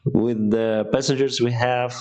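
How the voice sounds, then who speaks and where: A man from Ukraine who flies airliners takes viewer questions live, speaking broken, restarting English and laughing often. He has a medium pitch and a steady tone.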